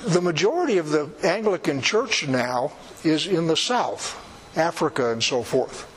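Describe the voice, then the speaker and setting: Man preaching, higher-pitched and conversational. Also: expressive, measured pace, slight background noise, rough recording. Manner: conversational, emphatic, with wry asides. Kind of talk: sermon.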